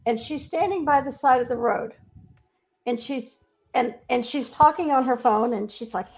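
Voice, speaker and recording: A woman's voice: a little high, normal speed. A woman speaking as a spiritual medium, telling stories earnestly in a casual interview. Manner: earnest, animated storytelling with quoted voices.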